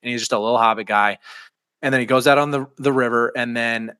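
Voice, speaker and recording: Man with a bright, enthusiastic voice. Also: mid-range voice, fast, smooth, dry recording. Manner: enthusiastic, animated retelling. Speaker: podcast co-host. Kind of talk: casual conversational podcast.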